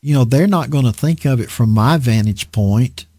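A man's voice: medium pitch, moderate pace, no room sound. A man preaching a conversational sermon, teaching a Bible lesson and asking his listeners rhetorical questions. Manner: animated, asks the audience rhetorical questions.

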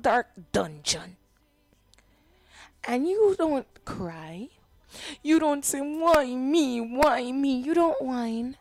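A woman telling a Bible story to children in a slow, expressive storytelling voice. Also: fairly high pitch, dry recording.

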